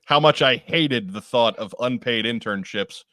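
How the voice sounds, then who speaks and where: A man co-hosting a casual podcast, talking in halting bursts and often repeating his first words. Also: medium pitch, bright, forceful tone, dry recording. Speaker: podcast co-host.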